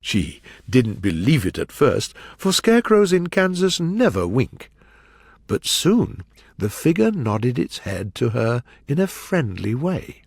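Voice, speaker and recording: A man reading a children's story aloud in a clear, measured way. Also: medium pitch, very animated, no room sound, studio quality. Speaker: audiobook narrator. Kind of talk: storybook narration for learners.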